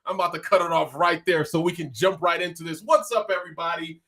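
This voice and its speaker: A high-voiced man hosts a live online chat show with playful, hyped-up energy. He talks fast and teases his audience, and his voice sits well above most men's. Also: bright, forceful tone. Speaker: host. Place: home studio in California.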